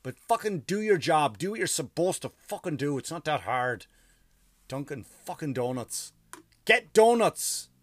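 A man's voice: a little high, lively intonation, moderate pace, dry recording, studio quality. A tired man, a comedian, telling a story in a casual, profane, ranting monologue.

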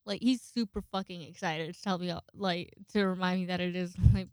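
A woman's voice: on the low side, steady tone, a little fast, hardly any pauses, darkish tone, clear, resonant tone, dry recording, studio quality. A woman hosting a podcast in casual solo chat. She rambles, swears freely and acts out the people she quotes. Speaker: podcast host.

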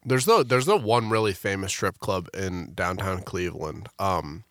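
Young male co-host, slightly low voice, dry close sound, quick teasing interjections. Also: expressive, no echo. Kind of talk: casual podcast chat.

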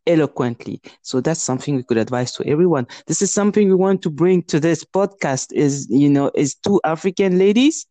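A woman's voice: low voice, dark tone, no room sound. An earnest Congolese woman speaks English with a French accent, co-hosting a casual podcast. She often halts and restarts mid-thought. Her voice is close and dry, with no room sound. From Democratic Republic of the Congo. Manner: earnest, halting, with many restarts. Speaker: podcast co-host.

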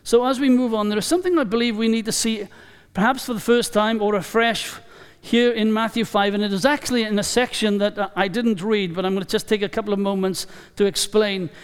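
A man preaching a sermon in a church, emphatic and deliberate, repeating key phrases for weight. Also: high voice, fairly even intonation, clean tone. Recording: long reverb of a large hall.

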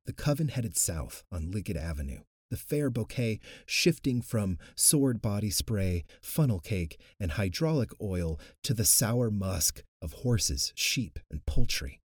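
Male audiobook narrator, expressive, husky, low voice, dry studio sound. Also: measured pace, hardly any pauses, no room sound. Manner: expressive, animated.

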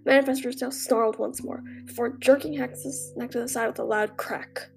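A woman's voice: a little high, steady tone, brisk, vocal fry. A woman reading a fan story aloud with dramatic storytelling. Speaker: narrator. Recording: faint music behind. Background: faint music.

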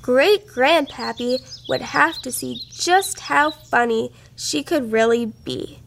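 A bright, eager little girl from a storybook, high and sunny in tone, voiced by a woman reading aloud. She speaks in an unhurried way, with a faint gravelly edge to the voice. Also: a little hiss or hum, full character voice. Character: cheerful little girl eager to cheer people up.

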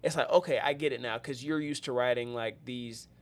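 A man's voice: mid-range voice, brisk. A man hosting a podcast in casual chat, rambling with many fillers and restarts. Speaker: podcast host.

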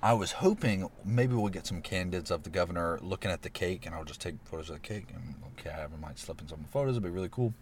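A man's voice: deep voice, quick pace, few pauses, a little hiss or hum. A man, animatedly telling a story in casual podcast chat, laughing often. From Alabama. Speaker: podcast guest.

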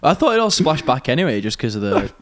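A young man co-hosts a relaxed podcast in an average male pitch. He jokes, laughs easily and keeps the chat moving. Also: quick pace. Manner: jokey, easily distracted, laughs often. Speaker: podcast co-host. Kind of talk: casual chat.

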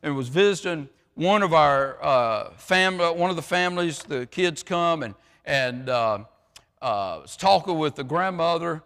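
High-voiced preacher in a reverberant hall. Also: male voice, expressive, measured pace, smooth. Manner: swings from shouting to hushed, many fillers. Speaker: pastor. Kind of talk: sermon.

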